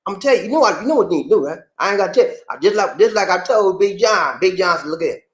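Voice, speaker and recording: A man hosting a casual livestream, playful and animated, greeting viewers by name and laughing often. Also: high voice, rapid-fire, dull audio. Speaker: livestream host. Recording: echoey room.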